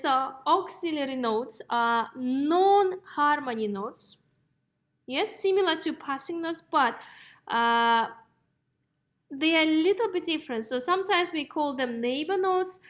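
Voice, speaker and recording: A woman's voice: sits high, a bit bright. A woman teaching a music theory lesson, explaining step by step and checking in with "okay?" and "yes?". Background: piano notes played between phrases.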